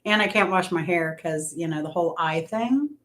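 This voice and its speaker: A woman's voice: on the low side, expressive, normal speed, fairly bright tone. A woman hosting a casual livestream, chatting and rambling to viewers and greeting them by name.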